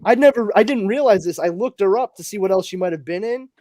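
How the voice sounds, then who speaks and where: A man's voice: high voice, quick pace, dry recording. A man co-hosting a podcast, chatting casually about movies, swearing freely and joking at his own expense. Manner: animated, swears freely, self-deprecating humor. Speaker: podcast co-host. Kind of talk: casual chat.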